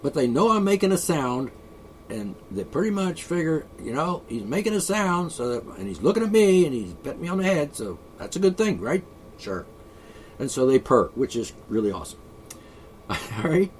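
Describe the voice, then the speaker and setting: A man's voice: a little high, sing-song, normal speed, a little hiss or hum. A man vlogging an opinionated, rambling monologue, sarcastic and sighing often. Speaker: video blogger.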